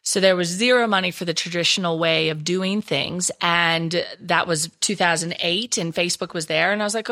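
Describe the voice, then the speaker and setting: A woman's voice: on the low side, moderate pace, hardly any pauses, sharp tone. A woman in her forties with a Texan accent, a social media strategist chatting as a podcast guest in an upbeat, emphatic way. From Texas. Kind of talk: podcast interview.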